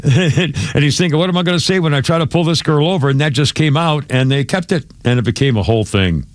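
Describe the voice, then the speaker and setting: Talking fast in a fairly high voice, this male radio host drifts through his morning show in a studio with no echo. He keeps restarting, tacking on side comments, letting thoughts fade out, and laughing softly.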